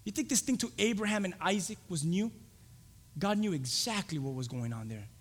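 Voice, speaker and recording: A man preaching a sermon as pastor, swinging from loud, shouted lines to hushed whispers. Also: high voice, animated, brisk. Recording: long hall reverb.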